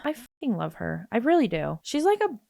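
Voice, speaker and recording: Frank woman host with a gravelly edge. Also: fairly high pitch, very animated, a little fast, dark tone, no echo, studio quality. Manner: frank, blunt, swears freely. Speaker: host reacting to a clip. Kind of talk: casual reaction commentary.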